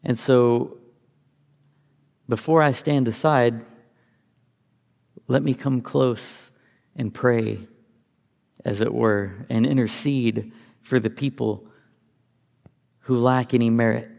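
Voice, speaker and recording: Male Bible teacher, gravelly, mid-pitched, conversational explainer; long hall reverb. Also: fairly even intonation, takes it slowly, long pauses, darkish tone. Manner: conversational, thinks aloud while explaining.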